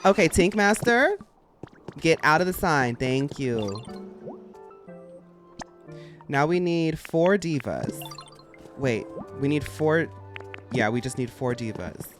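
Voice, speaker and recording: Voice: medium pitch, very animated, slow, pauses often, faint music behind. A streamer chatting casually while playing a game, giggling and tossing out slangy asides.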